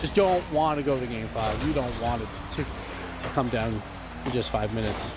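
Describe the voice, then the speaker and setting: A man doing esports color commentary, excitable and full of oohs. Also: medium pitch, normal speed, heavy background noise.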